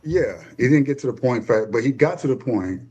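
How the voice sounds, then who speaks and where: A man co-hosting a podcast, speaking haltingly with restarts and pushing up high when exasperated. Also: animated, darkish tone, breathy edge. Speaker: podcast co-host. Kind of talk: casual debate.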